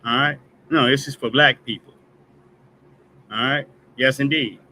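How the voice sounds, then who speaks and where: A man's voice: mid-range voice, steady tone, unhurried, sharp tone, slight background noise, low-quality recording. Heated man ranting on a stream. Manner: emphatic, repetitive "all right?" tags, heated and profane. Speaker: host of a news commentary stream. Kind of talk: casual commentary rant.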